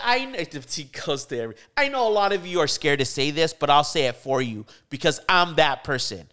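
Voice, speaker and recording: A man's voice: a little fast, hardly any pauses, smooth. A man telling a story in casual chat on a podcast, acting out the people he quotes with sudden jumps in his voice. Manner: animated storyteller, acts out quotes with pitch jumps.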